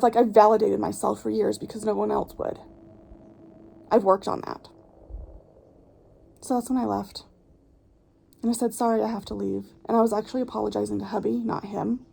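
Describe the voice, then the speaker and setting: A woman's voice: mid-range voice, little pitch movement, fairly quick, creaky, long pauses, dark tone, husky, rough recording. A woman vlogger telling a personal story in a blunt, passionate, candid way, swearing freely. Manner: candid, recounting events with strong feeling. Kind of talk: casual vlog storytime.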